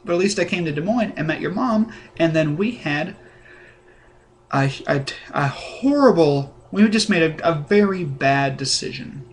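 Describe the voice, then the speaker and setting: A young man talking to camera in a deadpan, rambling way, full of ums and mock-sincere asides. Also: a little high, measured pace. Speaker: comedic vlogger.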